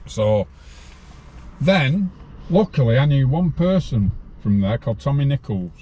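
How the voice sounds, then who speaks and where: A man's voice: mid-range voice, very animated, measured pace, mellow. A man in his sixties, a podcast guest telling a rambling story from his own life in a plain-spoken way.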